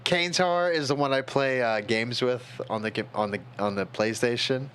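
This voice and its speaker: A man's voice: medium pitch, moderate pace, fairly bright tone, a little hiss or hum. A tipsy man streaming, rambling in casual chat and talking to his chat moderators.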